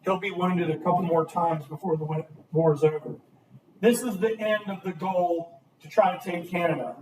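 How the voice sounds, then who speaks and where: Lively male teacher in a roomy classroom. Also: high voice, normal speed, a little hiss or hum. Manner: lively, asks the class questions. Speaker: history teacher. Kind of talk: classroom lecture. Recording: roomy, distant classroom recording.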